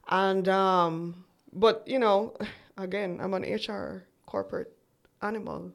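A guest entrepreneur in her forties speaks unhurriedly in a creaky, medium-pitched voice. Appearing on an interview show, she relates her story chattily and acts out conversations from memory.

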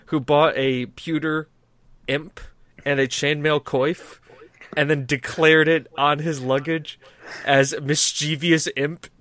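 A man hosting a podcast, chatting casually in an animated, sweary way with frequent restarts. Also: fairly high pitch, no room sound. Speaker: podcast host.

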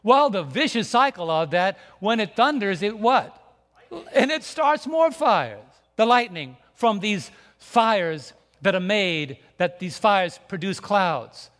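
High-voiced preacher in a reverberant hall. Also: male voice, lively intonation, slow pace, hardly any pauses, fairly bright tone. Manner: emphatic, repetitive preaching with restarts. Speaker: pastor. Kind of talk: sermon with slides. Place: church sanctuary.

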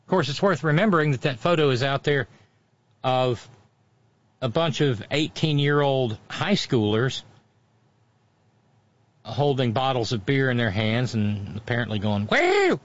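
A man's voice: medium pitch, a little slow, pauses often, highs cut off. A man hosting casual political commentary, sardonic and mocking, with frequent asides.

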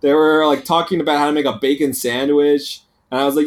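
A man's voice: on the high side, fast, few pauses. A man co-hosting a podcast, telling rambling, complaining stories in casual chat. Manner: rambling, complaining, animated storytelling. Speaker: podcast co-host.

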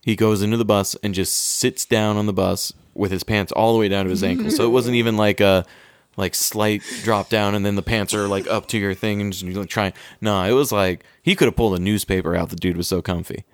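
A man with a fairly low voice hosts a quiz among friends in a loose, rambling way, full of fillers and offhand swearing. The sound is close and dry. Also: fairly even intonation, a little fast, dry recording. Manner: laid-back, hesitant with many fillers, swears casually. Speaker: quiz host. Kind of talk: casual podcast chat.

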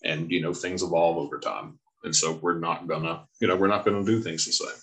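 A man with a very deep voice co-hosts a podcast. He talks in a relaxed, rambling way full of fillers. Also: brisk, poor audio. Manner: relaxed, filler-heavy talk. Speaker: podcast co-host. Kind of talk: casual podcast chat.

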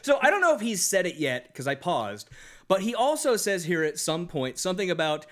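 A man co-hosting a podcast in casual chat, animated and often laughing. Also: high-pitched, a little fast. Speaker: podcast co-host.

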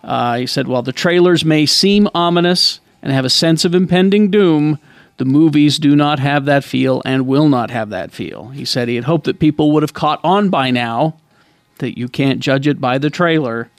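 A man's voice: fairly high pitch, normal speed, dry recording. A man hosting a casual podcast chat, reading out news with frequent fillers and restarts. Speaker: podcast host.

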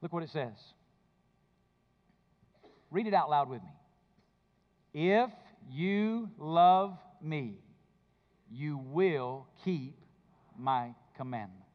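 A man preaching a sermon, moving between low intimate speech and loud emphatic bursts. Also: lively intonation, drawn-out words, pauses often, highs cut off. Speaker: pastor.

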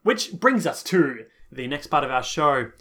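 A man's voice: on the high side, big pitch swings, measured pace, a bit bright. A man co-hosting a casual podcast chat, making dry quips, laughing often and leading the segments. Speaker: podcast co-host.

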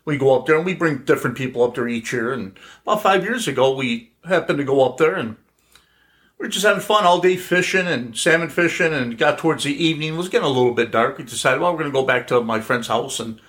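A man's voice: mid-range voice, fast talker, a bit bright. A middle-aged man telling a story casually to family, with a playful, laugh-prone manner. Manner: laughs often, playful prankster. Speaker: guest storyteller.

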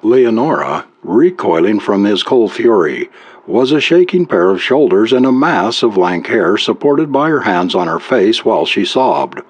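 A man reading a story aloud as an audiobook narrator, in a measured storytelling manner. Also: on the low side, sing-song, slightly rough, no room sound.

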